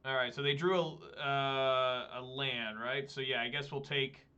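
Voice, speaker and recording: A man's voice: mid-range voice, steady tone, a little slow, bright, forceful tone, smooth, muffled recording. A man giving casual gameplay commentary as he plays, talking to himself and swearing often. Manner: swears often, talks to himself while playing. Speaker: gameplay streamer.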